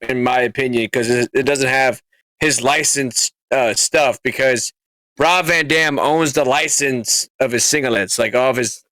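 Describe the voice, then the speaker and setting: A man's voice: medium pitch, sharp tone, clean tone, no echo. A man co-hosting a podcast in casual, rambling chat with many fillers. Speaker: podcast co-host.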